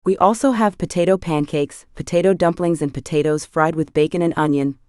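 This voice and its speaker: A woman's voice: low voice, brisk, a little mellow, no echo, clean studio sound, lightly acted. A woman voicing Schmidt, a wary male hotel manager in an audiobook, who speaks with stiff, clipped politeness. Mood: pointed.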